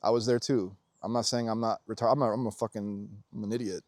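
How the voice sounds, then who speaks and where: A man's voice: steady tone, fast talker, darkish tone, no echo, clean studio sound. Blunt, swearing man preaching spiritual surrender. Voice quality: blunt and profane, swings pitch widely when mimicking others. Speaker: spiritual vlogger. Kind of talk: unscripted spiritual monologue.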